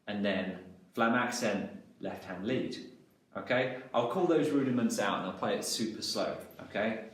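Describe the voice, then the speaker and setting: A man's voice: lowish voice, moderate pace. Male drum instructor, calls out sticking step by step, recorded far off in a roomy space. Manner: talks through drum patterns, counting hands aloud. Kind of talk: instructional lesson. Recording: echoey room, mic far off.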